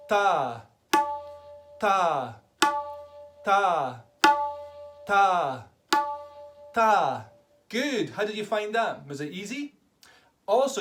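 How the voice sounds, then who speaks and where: A man teaching a tabla lesson to children, enthusiastically calling out drum syllables for them to repeat. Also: fairly high pitch. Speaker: tabla tutor. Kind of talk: online music lesson for children.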